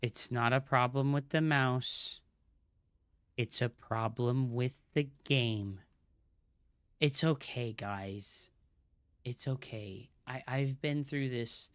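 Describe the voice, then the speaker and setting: A man streaming live as a gamer, troubleshooting out loud, swearing a lot and muttering under his breath. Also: medium pitch, takes it slowly, clear, resonant tone, no echo, studio quality. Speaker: gaming streamer.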